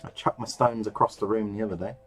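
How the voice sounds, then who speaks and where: Soft background music plays as a miniature painting hobbyist talks fast in a lowish voice with fairly even intonation while he crafts at his desk. His commentary is casual and rambling, full of jokes, with swearing and muttering under his breath.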